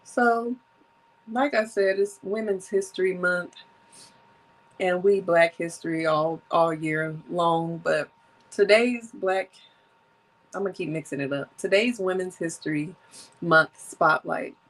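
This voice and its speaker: A woman's voice: on the low side, slow, low-quality recording. A woman in her thirties hosting a solo podcast, chatting casually and reading from her notes, with a runny nose from allergies. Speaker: podcast host.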